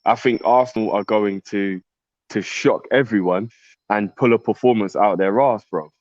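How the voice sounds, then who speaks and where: A man dropping into a football chat from outside, slangy and halting as he argues his pick. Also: fairly low pitch, fairly even intonation, a little mellow, no room sound, lo-fi sound. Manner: slangy, halting, confident opinions. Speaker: guest co-host. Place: on the move, joining by phone.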